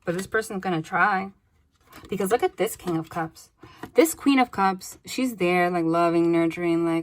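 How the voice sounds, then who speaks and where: Woman, young adult, tarot reader, casual and animated, swears freely, excited outbursts, middle pitch. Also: normal speed. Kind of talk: casual tarot reading to camera.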